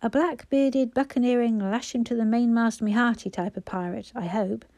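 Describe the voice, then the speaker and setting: Lady reading as a grumpy old one-eyed guy, gruff and curt, dark mellow tone, dry sound. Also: a little high, fairly even intonation, moderate pace, no echo, close to an everyday voice.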